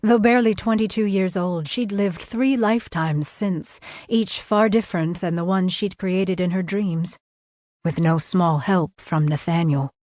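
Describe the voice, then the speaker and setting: A woman reading a historical romance audiobook in measured, expressive storytelling narration. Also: on the low side, dry recording, studio quality.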